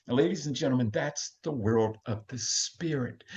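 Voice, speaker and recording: A man's voice: mid-range voice, normal speed, gravelly, hardly any pauses, a little mellow. An older man gives a passionate, emotional storytelling talk as a recovery meeting speaker. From Texas. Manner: passionate, emphatic. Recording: dull lo-fi recording.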